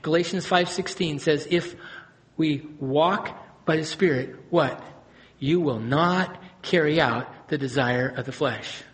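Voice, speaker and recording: A man, the pastor, preaching a sermon, moving between hushed, low passages and loud, high-pitched emphasis. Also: slow.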